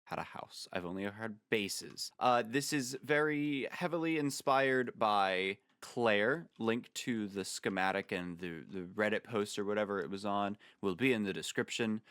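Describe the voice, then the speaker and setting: A man's voice: fairly low pitch, a bit bright, smooth, dry recording, clean studio sound. A man giving casual gameplay commentary as a video creator, jokey and rambling, with playful asides.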